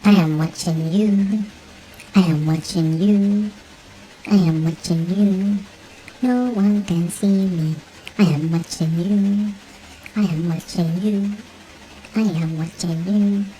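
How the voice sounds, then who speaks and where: A sneaky cartoon grazer, voiced by a woman, teases in a lowish, unhurried voice. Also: dark tone, low-quality recording. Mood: sly.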